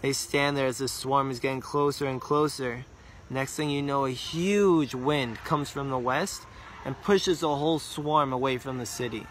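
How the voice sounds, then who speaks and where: A male storyteller narrates a religious tale earnestly, at a middle pitch. He repeats words for emphasis and slows down on details. A faint hum of background noise sits under his voice.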